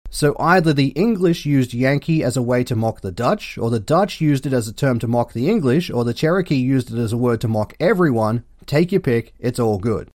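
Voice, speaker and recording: A man with an Australian accent hosting a comedic history podcast, delivering sarcastic, deadpan jokes. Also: mid-range voice, moderate pace, hardly any pauses, no echo, studio quality. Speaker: podcast host.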